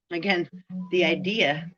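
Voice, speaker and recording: A woman's voice: lowish voice, a bit bright, dull audio. A woman vlogging a rambling spiritual monologue, profane and full of free-associating word play.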